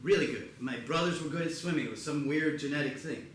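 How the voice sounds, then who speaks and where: A man performing live storytelling comedy in a theater, animated and acting out other people's voices in loud bursts. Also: a little high, quick pace, a little hiss or hum. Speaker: comedian performing a one-person show. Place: theater stage before a live audience. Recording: echoey theater with audience ambience.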